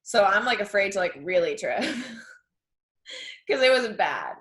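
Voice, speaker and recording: A young woman with a Boston accent, a comedian telling stories in casual chat over a video call, acting out quotes with big jumps in pitch. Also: expressive, slow pace, a bit bright, roomy sound. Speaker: podcast guest, comedian.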